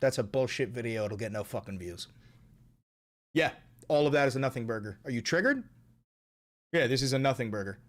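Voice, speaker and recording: A man's voice: mid-range voice, expressive, a little fast, pauses often, a bit bright. A man streaming live, giving sarcastic, profane commentary while reacting to posts and videos.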